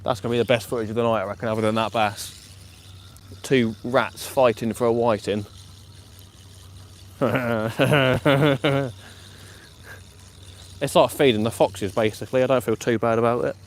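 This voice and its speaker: A man commenting live on his night fishing session, chatty and excitable, laughing often, outdoors by the water. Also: medium pitch, slight background noise. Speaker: fishing vlogger. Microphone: camera or phone mic on a live stream.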